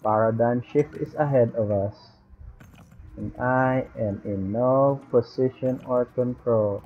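A man's voice: medium pitch, vocal fry. A man rambling and swearing to himself while playing a game. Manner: rambling, profane, talks to himself in mixed languages. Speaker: gamer vlogger. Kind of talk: rambling gameplay commentary. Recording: lo-fi phone-like sound with faint noise.

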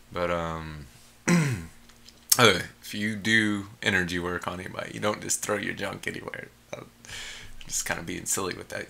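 A man casually leading a heart meditation as an energy healing teacher, laid-back and blissed out, with sighs, hums and soft chuckles. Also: deep voice, gravelly, slight background noise.

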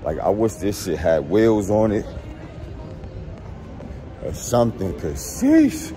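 A man's voice: lowish voice, slow pace, mellow, soft background music. A man vlogging casually while traveling, talking slangy to his viewers and often repeating words. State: out of breath. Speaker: vlogger delivering a puppy. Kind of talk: casual vlog talk to camera. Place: airport and car. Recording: noisy phone recording.

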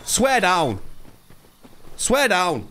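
A young man chatting live while playing a game, ranting and swearing, alternating between low mumbles and loud outbursts. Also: huge pitch swings, extremely slow. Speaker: streamer. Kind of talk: casual live-stream chat.

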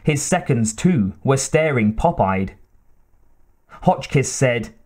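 A man reading an audiobook aloud in expressive, measured narration. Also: mid-range voice. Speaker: audiobook reader. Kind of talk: scripted narration.

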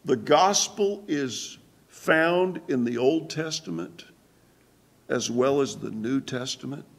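Slow, halting pastor teaching Bible study. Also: male voice, medium pitch, lively intonation, creaky. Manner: halting, many fillers and restarts; asks the congregation questions. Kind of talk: sermon-style Bible study. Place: church.

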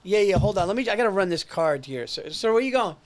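A man on a comedy podcast, riffing on bits and calling his partner "dude." His voice sits a bit high for a man, and he keeps a loose, casual pace. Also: animated, quick pace, a little hiss or hum. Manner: joking, riffing, repeats "dude". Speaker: podcast co-host. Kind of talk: comedic banter.

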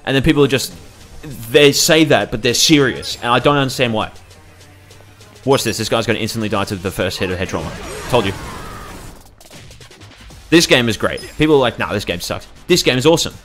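A young man hosting a let's play, ranting through his gameplay commentary in a profane, animated way. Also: medium pitch, fairly quick, long pauses. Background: faint game music.

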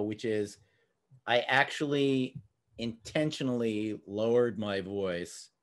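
A middle-aged man with a New Jersey accent, hosting a podcast in casual, jokey conversation. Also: mid-range voice. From New Jersey, USA. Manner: chatty, jokey, slips into quick impressions. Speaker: podcast host.

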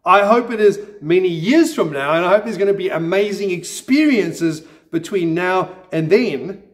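A pastor with a notably high speaking voice preaches a sermon in a church. He is earnest yet slips in gentle self-deprecating humor, speaking expressively at a normal speed.

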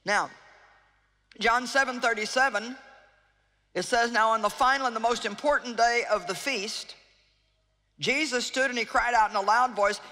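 A woman's voice: on the high side, normal speed, long pauses, pushed and bright. A woman preacher giving an evangelistic sermon to a live audience in a large hall, earnest and pleading, repeating phrases for emphasis. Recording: long reverb of a large hall.

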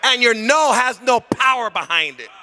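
A male senior pastor preaching a sermon in a church, emphatic and repetitive, often rising to a shout. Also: very high voice, lively intonation, moderate pace. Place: church sanctuary.

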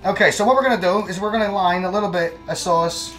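A man's voice: high voice, quick pace, loud music behind the voice. A man demonstrating a recipe in a kitchen, chatty and plain-spoken, and he laughs easily. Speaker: guest cook. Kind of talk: casual cooking demonstration.

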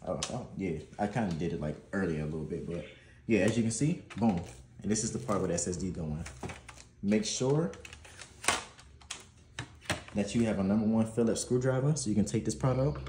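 A man's voice: lowish voice, brisk, long pauses, roomy sound, background noise. A man hosting a gaming channel, chatting casually through an unboxing and install tutorial, laid-back and prone to swearing and laughing.

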